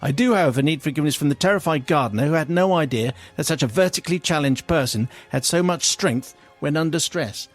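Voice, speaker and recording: Talking fast with hardly any pauses, a radio host in his studio reads out a listener's funny letter with comic flair. He turns it into a comic tale, squealing high for the letter writer's cries.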